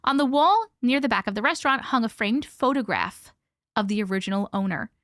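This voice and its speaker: A woman hosting a casual live stream, chatting with viewers and reading stories aloud with hushed dramatic pauses. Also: fairly high pitch, expressive, no room sound, clean studio sound.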